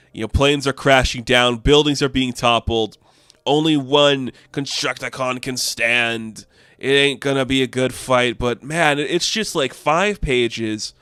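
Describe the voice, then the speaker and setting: Guy rambling thru a comic review, smooth clear voice, dry close sound, lotta "like"s. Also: mid-range voice, dry recording. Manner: chatty, filler-heavy, excitable.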